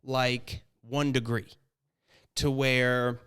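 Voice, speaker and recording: A young man co-hosting a podcast in casual chat, rambling and self-deprecating, with high tones he can drop low, talking into a studio mic in his apartment. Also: little pitch movement, very slow, a bit bright, clean tone. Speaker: podcast co-host and editor. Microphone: studio microphone with headphones.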